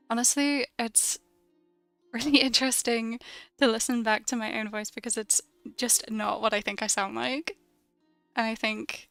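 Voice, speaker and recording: A young British woman chats casually and rambles while drawing on a stream, laughing often. Her voice is fairly high and creaky with a fairly bright tone, and there's no room sound.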